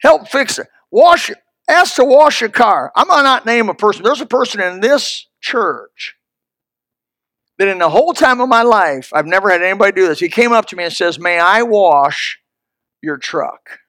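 A man's voice: high voice, expressive, normal speed, bright, forceful tone, no echo, studio quality. A man pastor preaching a sermon in an emphatic, folksy, storytelling manner.

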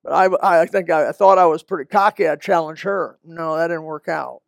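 Gravelly older preacher, folksy and high-pitched. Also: male voice, no room sound, studio quality. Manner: folksy, conversational preaching with quick asides. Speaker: pastor. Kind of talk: sermon. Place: church.

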